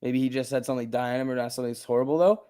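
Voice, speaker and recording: A man's voice: medium pitch, steady tone, very fast, dark tone, clean tone. A man hosting a casual stock market livestream, chatting and laughing often as he reads chat and tells stories. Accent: New Jersey.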